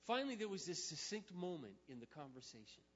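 A male pastor delivers a sermon story in a fairly high voice. He drops to a hushed, intimate tone for the quiet parts and rises to loud, emphatic preaching when he makes his point. The sound is slightly muffled and rings with a long hall echo. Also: very animated, fast talker, a little hiss or hum.

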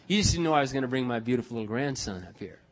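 An older man preaching a sermon as pastor, telling stories in a blunt, emphatic, animated way. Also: mid-range voice, racing, a little hiss or hum. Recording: long reverb of a large hall.

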